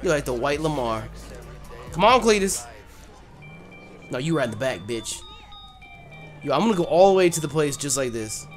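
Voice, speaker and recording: A man streaming a driving game live, joking loudly and crudely and yelling at the characters on screen. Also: on the high side, lively intonation, normal speed, pauses often, soft background music. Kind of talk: live gameplay commentary.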